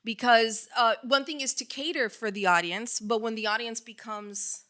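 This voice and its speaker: A middle-aged woman from Hialeah with a South Florida Miami accent, a radio personality chatting as a podcast guest, quick and animated and swearing freely. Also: fairly high pitch. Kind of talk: casual interview chat.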